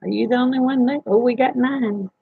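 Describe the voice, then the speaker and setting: Woman host with a drawl, husky and gravelly, folksy and teasing, live-stream chat on dull, dry audio. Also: on the high side, fairly quick. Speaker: livestream host. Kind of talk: casual late-night livestream chat with viewers.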